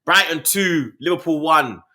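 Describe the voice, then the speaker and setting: A man, a co-host talking football in a casual, slangy chat and often breaking into loud put-on voices. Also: a little high, measured pace, slight background noise. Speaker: podcast co-host.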